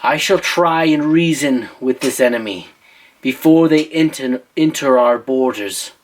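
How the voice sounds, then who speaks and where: A man's voice: mid-range voice, measured pace, lightly acted. A man voicing a bookish, earnest young king in a put-on British accent, speaking stiffly and formally. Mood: solemn.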